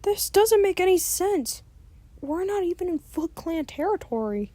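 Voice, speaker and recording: A woman's voice: very high-pitched, very animated, unhurried, warm tone, no echo, voice pushed up, heavily acted. A woman voicing a serious teenage boy mutant turtle leader in a fan comic dub, speaking firmly and cautiously. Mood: wary.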